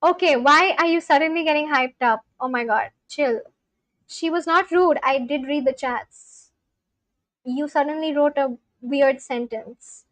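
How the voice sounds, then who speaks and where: Young woman streamer talking to chat, high voice, lots of like and bro, dry mic. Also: measured pace, a bit bright, no echo. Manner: talks back to chat, scolding and reassuring; loose filler-heavy speech. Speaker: livestreamer. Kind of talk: casual live-stream chat with viewers.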